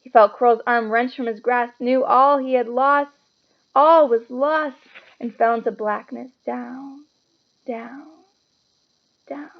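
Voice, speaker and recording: A woman reads a children's fantasy book aloud with dramatic expression. Her voice is fairly high with a gravelly edge, and the recording sounds slightly muffled and lo-fi. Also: fairly even intonation, unhurried. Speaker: storybook reader.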